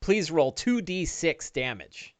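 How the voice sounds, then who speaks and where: A man narrating a one-on-one tabletop game as dungeon master, animated, with quick bursts and restarts. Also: fairly high pitch, no room sound.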